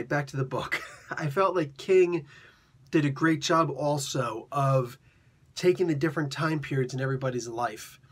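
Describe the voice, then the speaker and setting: A man reviewing a comic book in casual, animated talk, full of asides to the listener and repeated words. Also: on the high side, breathy edge. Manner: chatty and animated, with frequent rhetorical asides.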